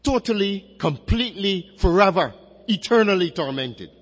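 A man preaching an expository sermon, measured and emphatic, drawing out key phrases as he reads and explains scripture. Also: high voice, lively intonation. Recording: long reverberant hall.

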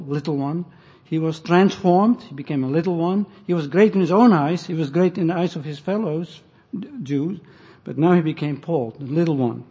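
A man preaching an expository sermon, deliberately explaining scripture and the Greek and Hebrew words. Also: on the high side, dark tone, slightly rough. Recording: muffled, echoey hall recording.

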